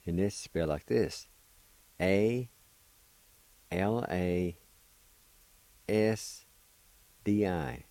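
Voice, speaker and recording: A man gives a radio language lesson, his voice very low and mellow. He takes his time, spelling each word out patiently and encouraging his listeners. The sound is dry and close, as from a studio microphone. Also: very slow, long pauses, no echo, low-quality recording.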